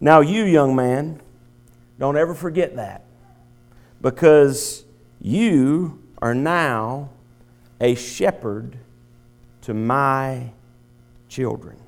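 A man's voice: medium pitch, extremely slow, long pauses. A male preacher voicing an older farmer who teases in a raised voice within a sermon story. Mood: teasing.

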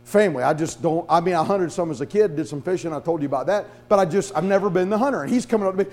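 A pastor with a high voice preaches very fast and with few pauses, animatedly telling stories and performing the voices of their characters.

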